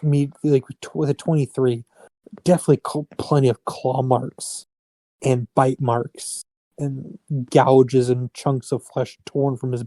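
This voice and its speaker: A man's voice: medium pitch, warm tone, no echo. A man running a tabletop game, narrating casually and often restarting mid-phrase. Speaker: game master.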